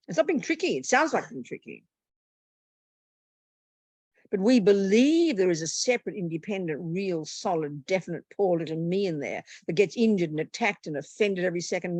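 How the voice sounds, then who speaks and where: A woman's voice: lowish voice, a little mellow, no echo. A woman, a Buddhist nun, teaching a meditation retreat in a blunt, plain-spoken and humorous way.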